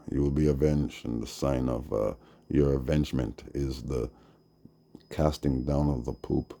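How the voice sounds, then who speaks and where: A man with a Jamaican accent preaching slowly on a live stream, dropping "see?" and "yeah?" between his lines. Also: a bass voice, fairly even intonation, vocal fry, dark tone. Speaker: Rastafari livestreamer. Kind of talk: rambling livestream preaching.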